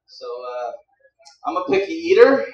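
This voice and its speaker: A man's voice: a little high, wildly swooping pitch, unhurried, darkish tone, lo-fi sound. A young man doing stand-up comedy on a club stage, rambling and teasing the crowd on a handheld mic. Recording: roomy club sound from a distance.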